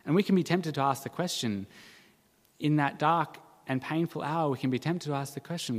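A man preaching a sermon in an earnest, measured way, with dramatic quoted cries now and then. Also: a little high, in a large hall. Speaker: pastor.

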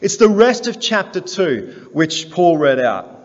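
A man's voice: high voice, very animated, measured pace. A man preaching a sermon to his congregation, asking them earnest questions and building in force as he goes. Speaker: pastor. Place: church hall. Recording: dull, roomy church sound.

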